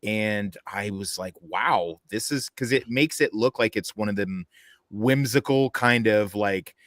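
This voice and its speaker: Rambling low-voiced man reviewing films. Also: unhurried, dry recording, studio quality. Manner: rambling, animated, with many fillers and restarts. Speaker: panelist. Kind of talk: casual film review chat.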